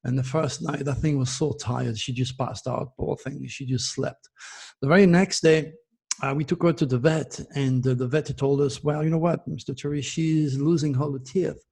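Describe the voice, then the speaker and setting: A man's voice: medium pitch, fairly even intonation, moderate pace, vocal fry, breathy edge. A man from France, a middle-aged astrologer host, chatting casually to his viewers and telling a story, repeating his words as he goes. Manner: coos softly to his dog.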